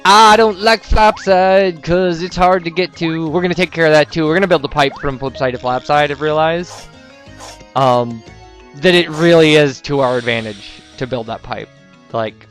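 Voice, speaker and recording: A man's voice: a little high, fairly bright tone. A young man giving casual, rambling gameplay commentary, full of "um"s and joking asides. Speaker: let's player.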